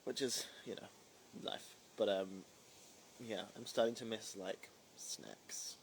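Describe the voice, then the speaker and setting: A chatty New man talking into his phone from home on a relaxed livestream. His voice carries a gravelly fry, and a faint hum sits behind him. He rambles easily and reads out comments as they come in. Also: lowish voice, slow pace. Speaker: livestream host. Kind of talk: casual live-stream chat.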